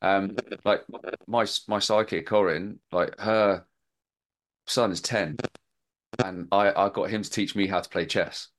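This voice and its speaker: A man's voice: sits low, steady tone, unhurried. A man in casual podcast chat, talking enthusiastically and rambling with lots of fillers. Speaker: podcast host.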